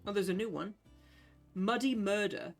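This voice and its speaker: Playing a game live, a streamer chats casually, swears, and reads the game's text aloud. The voice is mid-range at normal speed, with faint music in the background.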